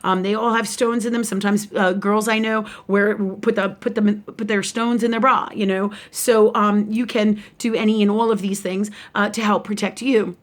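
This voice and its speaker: A woman's voice: medium pitch, steady tone, normal speed, few pauses. Rambling, frank woman giving a spiritual talk. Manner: rambling, frank, swears freely, many restarts. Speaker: spiritual teacher and shop owner. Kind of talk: casual live video talk.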